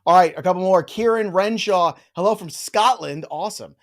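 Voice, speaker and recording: A man hosting a live fantasy football stream, brisk and joking as he reads listener questions in rapid fire. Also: sits high. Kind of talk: casual live-stream chat.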